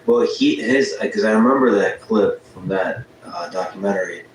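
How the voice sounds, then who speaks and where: A man's voice: fairly low pitch, moderate pace. A man hosting a casual interview, asking questions and musing aloud thoughtfully. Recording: distant mic in echoey room, faint noise.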